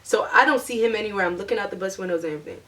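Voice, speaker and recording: A young woman vlogger telling a storytime in a chatty, animated way, acting out her own past lines. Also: medium pitch, racing, far from the mic, a little hiss or hum. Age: young adult. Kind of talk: storytime vlog.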